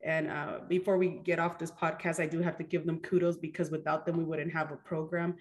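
A woman's voice: deep voice, level tone, fairly quick. A woman in her forties, a children's program director, talking in a rambling way with lots of fillers and restarts. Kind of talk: casual interview chat.

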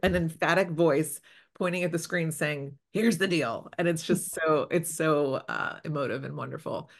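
An interview host who coaches daters, speaking with warm praise and giving plain dating advice. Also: medium pitch, fairly even intonation, normal speed, creaky. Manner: enthusiastic and encouraging, advising plainly. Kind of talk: casual interview talk.

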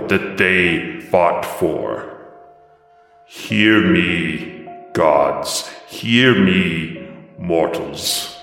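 A vengeful warrior goddess in a tabletop game, her voice deep and dark as she makes a slow, booming decree, as a man puts her on. She speaks at an unhurried, heavy pace. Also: very echoey, big-room sound, full character voice.

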